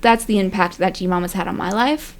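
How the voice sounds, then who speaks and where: This young woman speaks fairly quickly at a medium pitch. As part of a faith podcast panel she shares an emotional personal story in a chatty manner, leaning heavily on fillers and the word "like."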